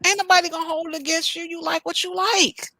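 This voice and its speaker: A woman's voice: very high-pitched, fast, creaky, no room sound. Playful woman riffing on news. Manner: animated, playful, reads headlines aloud then riffs. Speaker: host. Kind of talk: casual reaction commentary.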